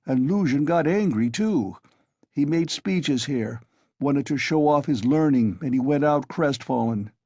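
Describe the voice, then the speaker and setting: Man reading as a tipsy loud young guy blustering, husky voice, loud. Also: medium pitch, expressive, measured pace, no echo, voice pushed up.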